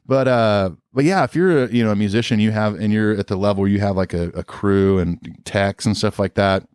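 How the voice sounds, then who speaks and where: Laid-back low-voiced man telling road stories. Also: a little fast, darkish tone, clear, resonant tone, dry recording, studio quality. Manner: rambling, filler-heavy, laid-back storyteller. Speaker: musician guest. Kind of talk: casual storytelling interview.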